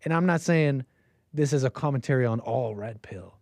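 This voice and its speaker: A man's voice: mid-range voice, moderate pace, darkish tone, no room sound. Rambling emphatic man hosting a call-in show. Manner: rambling, restarts often, emphatic. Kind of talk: casual commentary monologue.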